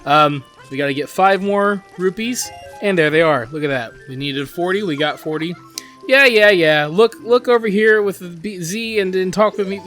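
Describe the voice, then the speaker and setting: A man's voice: high-pitched, moderate pace, fairly bright tone. A man hosting a gaming channel, talking through his gameplay in an earnest, rambling way, with many "like" and "you know" fillers. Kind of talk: casual gameplay commentary. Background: faint game music.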